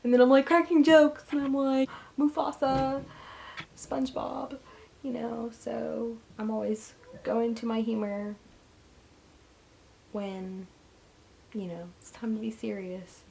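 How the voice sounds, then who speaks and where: A young woman vlogging casually, rambling and self-deprecating, often jumping into a high squeaky voice for jokes. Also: steady tone, takes it slowly, vocal fry, long pauses, a little mellow, slight background noise. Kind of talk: casual vlog monologue.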